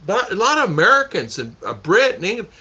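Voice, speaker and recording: Male vlog host chatting to a live chat, bright tense tone, rambles and repeats, muffled stream sound. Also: high-pitched, big pitch swings, fast, breathy edge. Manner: rambling, repeats himself, laughs a lot. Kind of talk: casual livestream chat. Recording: dull lo-fi stream audio.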